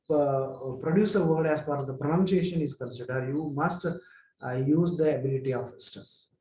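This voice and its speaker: A man with an Indian accent giving a spoken lecture, earnestly explaining and repeating himself with many pauses. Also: a little high, warm tone. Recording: echoey room.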